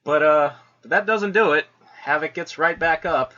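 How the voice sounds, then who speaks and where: Heard through a muffled recording, a man with a sharp, high-leaning voice speaks a little slowly while co-hosting a casual comic review. He's relaxed, laughs often, and uses plenty of "like" and "you know."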